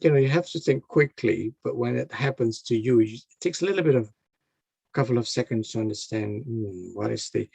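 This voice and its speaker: Gravelly low-voiced man, halting speech. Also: darkish tone, no echo. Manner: halting, restarts phrases while searching for words; explanatory, advice-giving. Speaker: interviewee. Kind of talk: casual conversational explanation.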